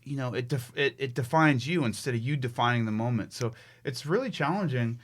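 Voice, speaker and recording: Middle aged guy from the us, a fitness trainer guesting on a podcast, talks animated and emphatic, lots of restarts. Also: medium pitch, a little fast. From United States. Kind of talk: conversational storytelling.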